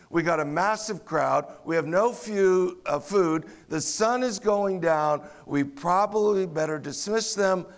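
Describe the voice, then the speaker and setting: Slow-paced preacher, a man with a higher voice. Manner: expository preaching, acts out sarcastic voices of the disciples. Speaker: pastor. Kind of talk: sermon.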